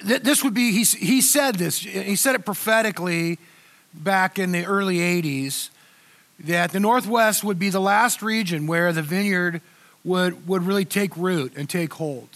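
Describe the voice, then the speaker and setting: An older man preaching as a pastor, talking to his congregation in a relaxed, conversational way with frequent restarts and fillers. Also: high-pitched. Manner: conversational, halting with many restarts. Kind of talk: sermon.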